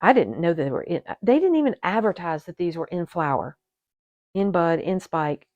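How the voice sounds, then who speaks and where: A woman hosting an orchid channel, chatting to her viewers in a gushing, excitable way while unboxing at a table indoors. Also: on the low side, moderate pace, no echo, highs cut off. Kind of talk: casual unboxing chat to viewers. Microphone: camera set on the table.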